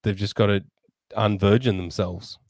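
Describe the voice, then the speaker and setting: A middle-aged man with a fairly low voice, chatting crudely on a podcast with lots of swearing and laughter. The sound is close and dry. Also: steady tone, normal speed, darkish tone, no echo. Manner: crude, profane, laughs often. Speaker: podcast co-host. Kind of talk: casual podcast chat.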